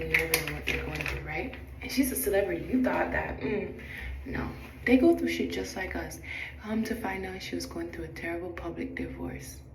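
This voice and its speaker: Sassy woman telling a story, low voice. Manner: animated, dramatic retelling with acted-out quotes; blunt, sassy asides. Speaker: flight attendant. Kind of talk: storytime vlog while doing makeup. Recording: roomy, distant, noisy background.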